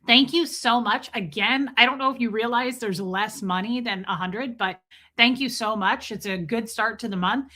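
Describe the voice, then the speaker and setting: A woman's voice: a little high, normal speed, sharp tone. A woman hosting a casual live stream, chatting loosely with viewers, greeting them by name and swearing freely.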